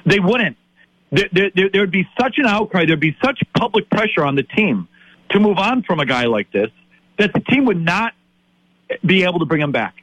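A man's voice: high-pitched, big pitch swings, normal speed, a bit bright, slightly rough, no echo, lo-fi sound. A man in his late fifties from Wisconsin, a sports talk host ranting in exasperation and tripping over repeated words. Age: 50s.

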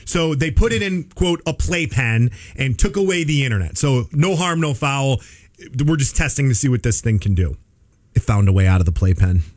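A man's voice: medium pitch, expressive, moderate pace, a little mellow. A man co-hosting a podcast in casual chat, explaining things with playful analogies. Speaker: podcast co-host.

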